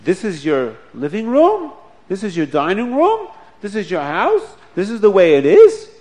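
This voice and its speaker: A man voicing an elderly revered rebbe who speaks slowly and with authority. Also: high voice, wildly swooping pitch, a little mellow, full character voice. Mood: commanding. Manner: slow, measured and commanding.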